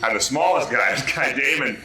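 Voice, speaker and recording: Bright-voiced man telling stories in a roomy bar. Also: mid-range voice, fairly quick. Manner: animated storyteller, frequent restarts and swearing. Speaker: guest actor. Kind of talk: casual chat, anecdote telling.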